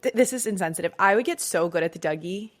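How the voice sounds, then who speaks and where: A woman's voice: lowish voice, fast talker, a little hiss or hum. A woman co-hosting a casual podcast, chatty and jokey, reacting and asking questions, with lots of "like". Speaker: podcast co-host. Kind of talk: casual history podcast chat.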